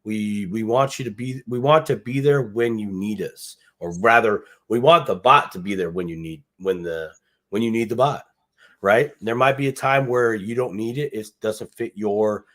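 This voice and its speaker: A man co-hosts a casual live chat about money, his voice sitting a bit low. He rambles, repeats words as he restarts his thoughts, and leans on easygoing slang. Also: normal speed, fairly bright tone. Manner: casual slang, says dude and bucks. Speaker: podcast co-host.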